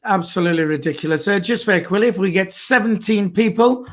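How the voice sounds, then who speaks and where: An older man hosting a casual live fan chat, talking in a halting way with many fillers. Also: high voice, fairly bright tone, a little hiss or hum. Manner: halting, lots of uhs and ums. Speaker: fan show host.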